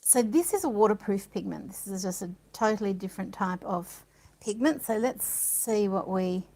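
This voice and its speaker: A woman's voice: mid-range voice, lively intonation, moderate pace, warm tone, low-quality recording. A woman giving a casual art demonstration, chatting and thinking aloud as she works, with delighted little gasps. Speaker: art supplies presenter.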